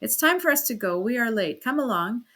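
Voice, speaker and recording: A woman's voice: on the high side, expressive, fairly quick, a bit bright. A woman voicing an uneasy, wary older male workman who raises his voice.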